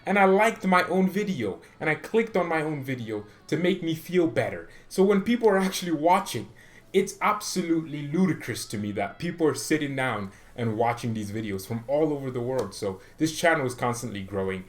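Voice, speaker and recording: Excitable, rambling fan-channel host man. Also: fairly high pitch, fairly quick. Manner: excitable, rambling, self-mocking. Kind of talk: casual chat to camera.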